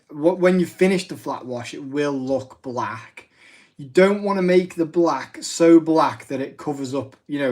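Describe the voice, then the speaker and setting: Man, 30s, mid pitch, livestream craft host, rambling and self-deprecating. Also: darkish tone. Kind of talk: casual live craft demo.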